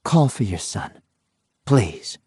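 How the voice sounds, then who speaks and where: A stern male paranormal interviewer gives firm, commanding orders, as a man plays him. He speaks slowly and deliberately. The sound is dry and close. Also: fairly low pitch, big pitch swings, warm tone, husky, no echo, pitched below the performer's own voice, heavily acted. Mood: pressing. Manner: firm, commanding, then soothing.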